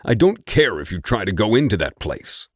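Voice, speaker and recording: A man's voice: on the low side, very animated, moderate pace, no room sound, studio quality, voice pushed up. A man playing a growling, defiant young fighter. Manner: growled threats.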